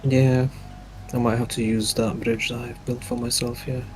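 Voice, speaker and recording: A man co-streaming a game, chatting in a relaxed, helpful way with dry humor. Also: mid-range voice, normal speed, faint music behind, poor audio. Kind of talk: casual game-stream chat.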